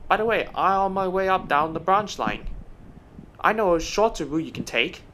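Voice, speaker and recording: A man voicing a cheerful, helpful young male tank engine in a fan story, in a bright, eager manner. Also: high voice, animated, moderate pace, slight background noise, voice pushed up.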